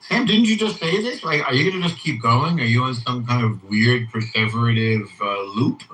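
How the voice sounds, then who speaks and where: A man's voice: medium pitch, moderate pace, fairly bright tone, a little hiss or hum. A man in a live audio chat room, taunting and mocking his opponent with sarcasm. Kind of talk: heated argument. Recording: echoey, distant room audio.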